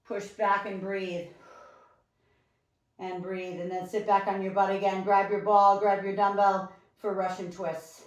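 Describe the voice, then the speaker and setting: A woman's voice: mid-range voice, measured pace, dull audio. Breathless woman coaching a workout. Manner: energetic, encouraging, counting down reps. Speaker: fitness instructor. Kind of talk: live home workout coaching. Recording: echoey room, mic far off.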